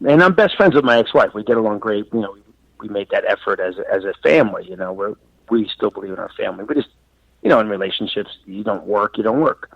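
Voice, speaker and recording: A man in his forties, a comedian and actor from New York and Florida, telling stories as a podcast guest. He acts out quoted lines loudly and swears freely. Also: lowish voice, lively intonation, fast, gravelly, no echo. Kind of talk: casual podcast storytelling. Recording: dull, dry sound.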